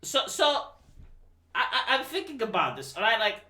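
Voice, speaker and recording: Animated, incredulous man ranting profanely. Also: high-pitched, normal speed. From Romania. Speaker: livestream host. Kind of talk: casual movie rant. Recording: roomy echo.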